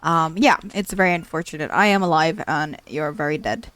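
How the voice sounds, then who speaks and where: A woman's voice: low voice, fairly quick, a bit bright, no echo. Chatty woman narrating her gameplay. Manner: chatty, repeats herself and exclaims when startled. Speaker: let's play host. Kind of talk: casual gameplay commentary.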